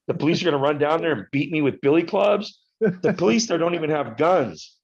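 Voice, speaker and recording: A man in his fifties telling a story as a podcast guest, in an animated and profane way. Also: fairly high pitch, brisk, creaky, highs cut off. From United States. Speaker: podcast guest, retired wrestler. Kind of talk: casual storytelling interview.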